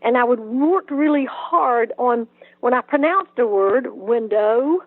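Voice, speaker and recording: Older southern lady on a tinny phone line, higher voice, chatty storyteller. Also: unhurried, no echo. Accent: Southern US, South Georgia. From South Georgia, US. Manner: animated storytelling, frequent restarts and laughs. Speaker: author guest. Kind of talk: conversational interview.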